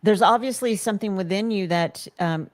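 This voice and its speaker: A woman hosting a podcast, speaking gently and haltingly to her guest. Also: mid-range voice, no room sound. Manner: gentle, halting, with many restarts. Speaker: podcast host. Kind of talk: supportive interview talk.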